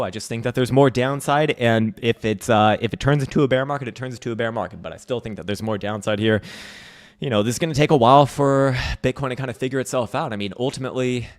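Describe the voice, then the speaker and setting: A man hosting a casual livestream market update at home, reading chat with profane jokes and frequent laughs. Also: on the low side. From United States. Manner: profane, joking, laughs often. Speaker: host.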